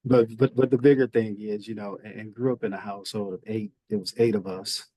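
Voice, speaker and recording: A middle-aged man from Indiana with a Southern US accent, telling his story in a relaxed interview, often restarting his sentences. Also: fairly low pitch, fairly quick, dry recording, rough recording. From Indiana, USA. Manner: relaxed storytelling with frequent repeated starts. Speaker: guest, federal official. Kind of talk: conversational interview.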